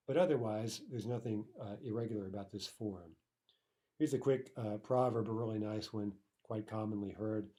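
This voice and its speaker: A man's voice: fairly low pitch, unhurried, dark tone. A man teaching a language lesson, explaining patiently and often checking in with the listener. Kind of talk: recorded grammar lesson.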